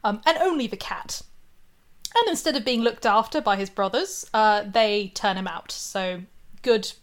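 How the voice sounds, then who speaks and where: A woman's voice: medium pitch, unhurried. A woman retelling a fairy tale in casual chat, with lots of fillers, asides and giggles.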